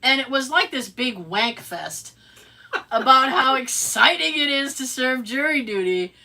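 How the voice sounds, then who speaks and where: A woman with a high, gravelly voice keeps a measured pace. She's a podcast co-host spinning a story in easygoing chat, animated and sarcastic, with acted-out quotes and pointed asides.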